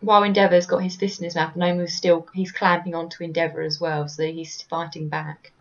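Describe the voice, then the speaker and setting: Brief: low-pitched woman, podcast co-host, casual recap, a little muffled. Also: flat delivery, a little fast. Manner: narrates panels, reads lines aloud with small stumbles. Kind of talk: casual chat recapping a manga chapter.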